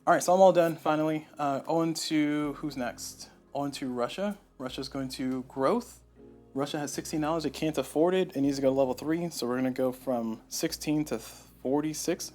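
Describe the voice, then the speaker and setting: With soft music in the background, a man talks fairly quickly in a fairly high, darkish-toned voice over a shirt-mounted lapel mic. Playing a board game solo on stream, he mutters to himself, thinks aloud, and drops self-deprecating asides in casual commentary.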